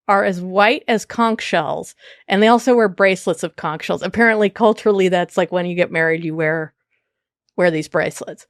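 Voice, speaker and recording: A woman with a medium-pitched voice hosts a podcast, casually telling spooky folk tales in a playful way and laughing often. The recording has no echo.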